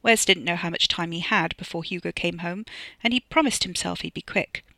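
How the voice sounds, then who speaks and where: A woman narrating her own serial fiction with expressive storytelling. Her voice sits on the low side and has a bright, forceful tone. The sound is close and dry. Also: brisk, vocal fry, dry recording.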